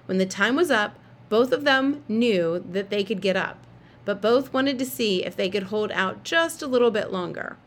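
A woman narrating a children's novel in a steady, expressive reading voice. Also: medium pitch, normal speed, a little hiss or hum. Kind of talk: storybook read-aloud.

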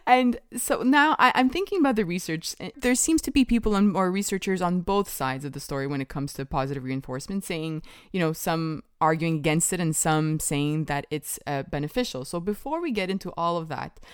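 A woman's voice: on the low side, expressive, moderate pace, smooth, no echo, studio quality. A woman hosting a podcast as a parent, asking questions and thinking aloud in a casual chat.

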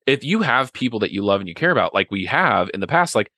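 A man's voice: on the low side, sing-song, fast talker, sharp tone, dry recording. A man in a casual podcast chat, talking earnestly and at length, full of "like" and "right?". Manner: earnest, rambling, many "like" and "right?".

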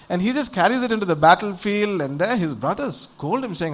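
A man's voice: high voice, brisk, hardly any pauses. A man preaching a sermon, retelling a Bible story in a conversational way and often asking his listeners questions. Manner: conversational, rhetorical questions to the audience; animated storytelling with acted voices.

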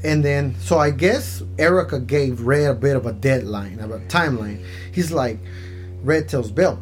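A man's voice: animated, measured pace, faint music behind. A man co-hosting a casual chat, reading comic panels aloud and often laughing. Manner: laughs often, acts out lines with shifts of pitch. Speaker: podcast co-host.

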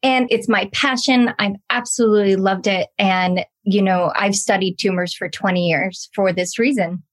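A woman in her forties, a podcast guest, telling her own story in a lively, chatty way and acting out the dialogue she quotes. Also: mid-range voice, moderate pace, hardly any pauses. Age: 40s. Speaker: guest, pathologist assistant and wellness coach. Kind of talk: personal storytelling in an interview.

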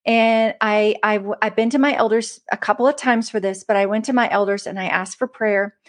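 A woman's voice: medium pitch, steady tone, fairly quick. A woman giving a casual, earnest devotional talk to an online audience, speaking conversationally and reading scripture aloud. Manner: earnest and conversational, often addressing listeners as "guys". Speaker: Christian livestream speaker.

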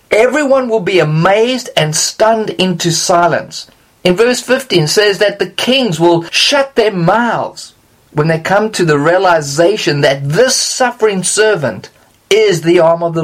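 Measured scripture teacher with a mid-range voice who stresses key words by slowing down. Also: medium pitch. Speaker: Bible teacher.

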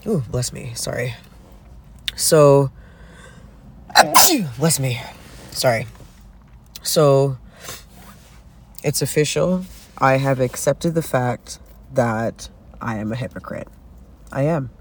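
A man from Canada telling a casual, profane story in an animated, self-mocking rant. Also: mid-range voice, takes it slowly, long pauses, a little hiss or hum. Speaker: vlogger. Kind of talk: casual ranting monologue.

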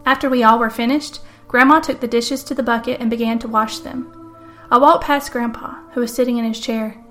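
A woman reading a murder story aloud in dramatic first-person narration, with a fairly high voice. Soft music runs under her. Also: fairly even intonation, a little fast. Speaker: podcast host and author.

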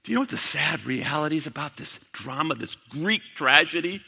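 A man preaching a sermon to a congregation, dramatic, swinging from loud to hushed. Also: on the high side, lively intonation, a little fast, gravelly, breathy edge. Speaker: pastor. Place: church sanctuary. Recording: long hall reverb.

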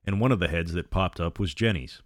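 A man's voice: low-pitched, fairly quick, no room sound, studio quality. A man narrating a horror novel aloud, reading every character in his own voice. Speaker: storyteller.

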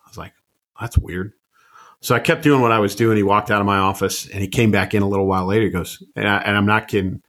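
Measured, low-voiced man in his fifties. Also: steady tone, a bit bright. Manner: measured, reflective, frequent ums and uhs. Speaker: podcast guest, retired army officer and author. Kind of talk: conversational storytelling interview.

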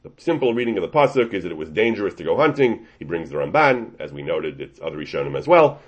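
With a low, husky voice full of big pitch swings, a man teaches fast through a Talmudic-style source, step by step. He often starts his sentences over. This Torah lesson was captured in dull lo-fi audio.

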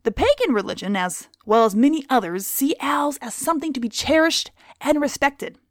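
A woman's voice: high-pitched, sing-song, moderate pace, no echo, studio quality. A woman and former zookeeper giving a crude, sarcastic comedic monologue.

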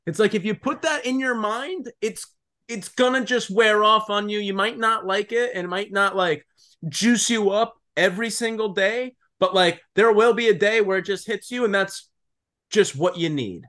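High-voiced young man, animated and swearing. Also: normal speed. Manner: animated, swears freely, lots of "dude" and "like". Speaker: podcast co-host. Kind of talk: casual podcast chat.

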